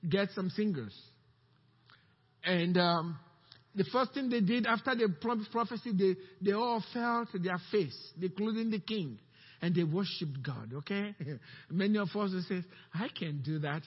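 A pastor preaching a sermon, questioning the congregation and calling out to them. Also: male voice, high voice, moderate pace, husky, big-room sound, muffled recording. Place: church sanctuary.

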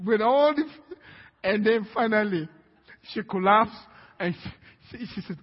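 Pastor, male, high husky voice, story-driven preaching, lo-fi recording with long hall reverb. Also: lively intonation, measured pace, long pauses. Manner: storytelling with laughs, building to shouts. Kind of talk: sermon. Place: church hall.

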